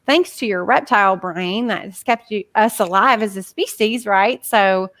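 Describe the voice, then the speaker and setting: A woman's voice: medium pitch, normal speed, fairly bright tone, dry recording. A woman talking casually on a podcast as a guest coach, chatty and full of filler words. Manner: chatty, many "like" fillers, acts out inner voices.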